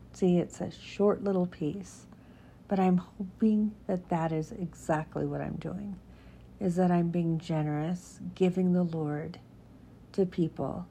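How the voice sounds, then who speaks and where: A middle-aged woman in casual devotional chat who reads her own short piece in a soft, unhurried, gentle way. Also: fairly low pitch, a little hiss or hum. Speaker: Christian writer. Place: home cabin indoors.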